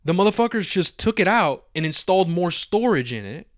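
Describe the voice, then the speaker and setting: Animated, profane man telling a story. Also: sits high, brisk, no echo, clean studio sound. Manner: animated, profane, acts out his own reactions. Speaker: podcast co-host. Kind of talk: casual storytelling chat.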